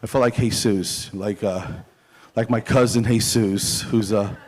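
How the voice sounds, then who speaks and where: A middle-aged man, a dental hygienist, doing a loose stand-up comedy set, self-deprecating and halting, with many fillers and chuckles. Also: fairly low pitch, fairly even intonation, darkish tone.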